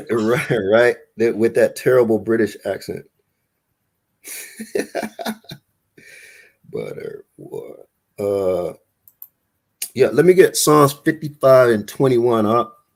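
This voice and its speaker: A man hosting a live Bible study call, talking in a casual, animated, preacherly way. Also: medium pitch, slow pace, long pauses. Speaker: host of an online Bible study talk.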